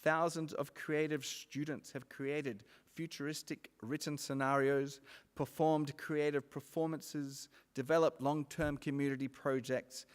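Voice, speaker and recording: A man hosts a ceremony from a stage microphone, his mid-pitched voice upbeat and lightly joking. He talks to the audience in a big school hall, and the sound carries a long, ringing reverb. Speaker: master of ceremonies. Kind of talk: ceremony welcome speech.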